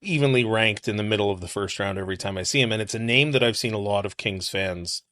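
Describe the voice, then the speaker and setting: A man hosting a casual podcast. He has a somewhat low voice and asks winding, conversational questions. The recording is close and dry. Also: quick pace, pushed and bright, no echo. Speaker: podcast host.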